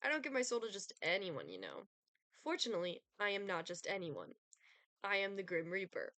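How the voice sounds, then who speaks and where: A woman's voice: medium pitch, sing-song, a little fast, sharp tone, no room sound. A woman reading the lines of a haughty male Grim Reaper in a game, pompous and theatrically threatening, in a dry close recording. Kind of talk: dramatic reading of game dialogue.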